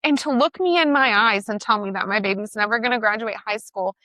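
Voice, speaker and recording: Woman telling her story, bright forceful voice, blunt, swears, dry close sound. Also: fairly high pitch, brisk, dry recording. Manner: emphatic, emotional, blunt with swearing. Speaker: guest. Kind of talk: personal storytelling in conversation.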